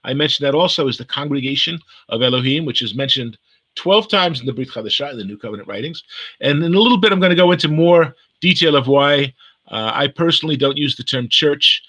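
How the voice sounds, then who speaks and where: Bright-voiced man streaming a home sermon. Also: mid-range voice, quick pace, no echo, poor audio. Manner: hesitant, repeats words, many fillers. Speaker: congregation leader. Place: living room at home. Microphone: camera for live stream.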